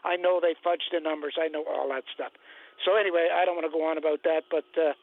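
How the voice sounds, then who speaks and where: A man's voice: on the high side, fairly even intonation, quick pace, dry recording. An older man from Nova Scotia, calling into a radio show, blunt and sarcastic with many hesitations. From Nova Scotia, Canada. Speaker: caller. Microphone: phone. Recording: tinny phone line.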